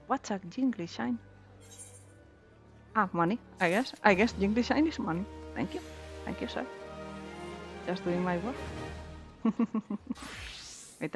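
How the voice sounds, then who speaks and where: A woman's voice: medium pitch, animated, takes it slowly, long pauses, faint music behind. A woman streaming a game in casual commentary, chatty and giggly, thinking aloud as she plays.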